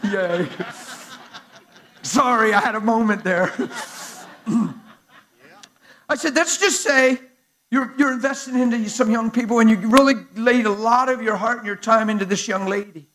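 High-voiced animated preacher man. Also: measured pace, pauses often. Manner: animated, conversational preaching with acted-out dialogue. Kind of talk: sermon. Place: church sanctuary before a live crowd.

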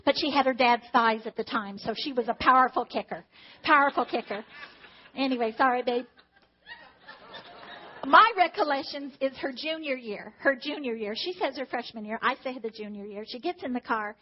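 A middle-aged mother sharing a personal testimony about her children, emotional and animated, acting out the dialogue. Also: sits high, a little fast. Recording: dull lo-fi recording.

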